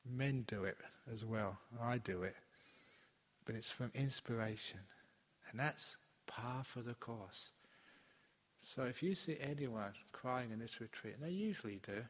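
An older man gives a Buddhist dharma talk, storytelling with playful asides and laughter. His pitch sits at an ordinary male middle. The sound carries a long reverb, as in a large hall. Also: measured pace, a bit bright. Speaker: Buddhist monk teaching a retreat.

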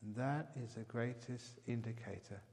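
A man giving a calm meditation talk, speaking gently and growing softer on key words. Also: mid-range voice, normal speed. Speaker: meditation teacher. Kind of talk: dharma talk with a joke. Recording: long hall reverb.

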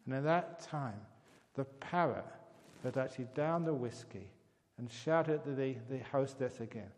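A man giving a calm meditation talk, speaking gently and growing softer on key words. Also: medium pitch, measured pace. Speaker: meditation teacher. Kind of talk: dharma talk with a joke. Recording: long hall reverb.

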